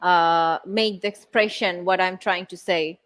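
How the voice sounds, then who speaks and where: A woman's voice: lowish voice, steady tone, a little slow, fairly bright tone. A woman from Bangladesh with a Bengali accent, hosting the session and asking hesitant questions with fillers. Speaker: host and student.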